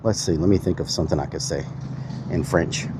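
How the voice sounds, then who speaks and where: A man's voice: low voice, brisk. Male IRL streamer, goofy street banter, outdoor, light traffic bed. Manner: goofy, loud fake-foreign shouting at passersby.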